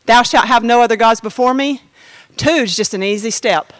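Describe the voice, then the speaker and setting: A woman's voice: a little high, normal speed, fairly bright tone, no echo. A woman giving a personal testimony as a sermon, talking straight to the congregation in a conversational way. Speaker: preacher.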